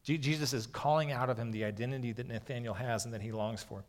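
Man, pastor, conversational sermon, middle pitch, long hall reverb. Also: fairly even intonation, fast talker. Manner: conversational, frequently saying "okay".

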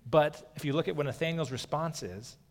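A man's voice: fairly high pitch, fairly quick. Conversational man preaching in a hall. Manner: conversational, frequently saying "okay". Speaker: pastor. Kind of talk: sermon.

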